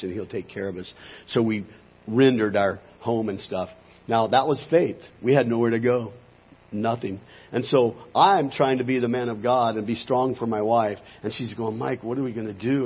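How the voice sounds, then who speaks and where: A man's voice: medium pitch, husky, highs cut off. A man, a pastor, giving a testimony in a sermon and acting out the conversations he recalls. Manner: storytelling, acting out dialogue.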